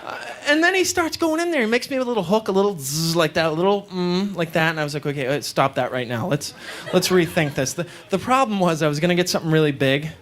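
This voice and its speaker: A man performing a stand-up comedy set in a club, telling self-deprecating stories with deadpan asides. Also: sits high, fast, hardly any pauses. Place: comedy club stage with live audience. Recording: live club recording, loud crowd and noise.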